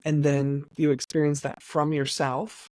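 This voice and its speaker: A woman's voice: low voice, flat delivery, measured pace, a little mellow, no echo, clean studio sound. A woman hosting an interview podcast, affirming and supportive toward her guest. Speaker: podcast host. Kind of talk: interview conversation.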